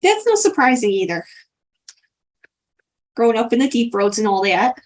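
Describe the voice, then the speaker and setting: Casting: fussy, pushy older lady, woman game master doing the voice; very high, sing-song, sugary. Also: big pitch swings, moderate pace. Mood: doting. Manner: sing-song, calls everyone dear. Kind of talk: tabletop role-play.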